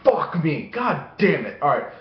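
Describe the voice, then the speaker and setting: Young adult man, profane rambling storyteller, animated delivery, fairly high voice, dull echoey home recording. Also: unhurried. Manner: heavy swearing, animated acting-out of voices. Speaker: vlogger. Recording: echoey room, dull lo-fi sound.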